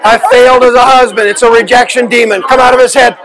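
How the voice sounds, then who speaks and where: A man leading a deliverance prayer, forceful and commanding, often shouting. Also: extremely high pitch, level tone, fast, low-quality recording. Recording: crowd noise behind.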